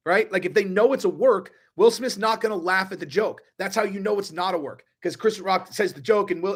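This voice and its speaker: A man's voice: high voice, a little fast, hardly any pauses, a bit bright, breathy edge. A man ranting on a live stream, profane and rambling, restarting his sentences often. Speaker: online commentator.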